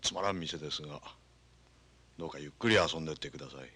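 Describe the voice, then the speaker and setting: Husky yakuza boss, super polite, bright edge, very deep. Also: male voice, racing, full character voice. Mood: courteous. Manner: formal, apologetic courtesy. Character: smooth, polite rival yakuza boss greeting a troublemaker.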